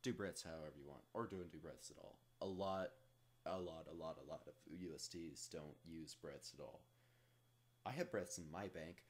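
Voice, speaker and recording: Low-voiced man rambling through a tutorial. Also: moderate pace. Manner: rambling, self-deprecating, with jokey asides. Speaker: tutorial host. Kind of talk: casual software tutorial.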